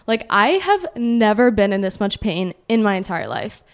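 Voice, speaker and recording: A woman's voice: medium pitch, very animated, moderate pace. A young woman in her twenties, a podcast host telling a personal story in a chatty, casual way and saying "like" a lot. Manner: chatty, heavy use of "like".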